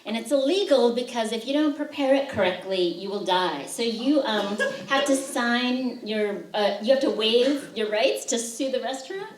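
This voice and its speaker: A woman poet with a fairly high voice reads her work and tells chatty, humorous stories, often pausing on "um". She sounds set back from the microphone. The lecture room around her is echoey. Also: animated, slight background noise. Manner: chatty, humorous storytelling with frequent "um" fillers. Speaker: poet giving a reading. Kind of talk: poetry reading with spoken anecdotes. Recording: roomy sound, voice distant from the mic.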